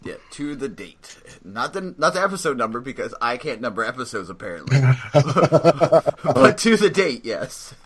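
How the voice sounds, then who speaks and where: A man's voice: medium pitch, big pitch swings, normal speed, breathy edge. A man hosting a casual podcast, friendly and joking with his guests. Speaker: podcast host.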